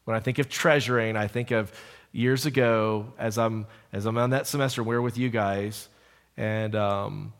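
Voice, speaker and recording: A middle-aged man preaching a sermon, telling stories and moving from hushed asides to emphatic calls. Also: fairly low pitch, steady tone, normal speed, big-room sound. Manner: storytelling, shifts from hushed to emphatic.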